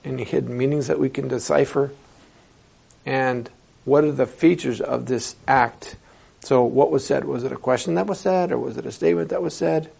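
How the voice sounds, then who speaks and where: Gravelly-voiced man lecturing a class. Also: mid-range voice, normal speed, a little mellow. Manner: explanatory, asks the class rhetorical questions. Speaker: translation instructor.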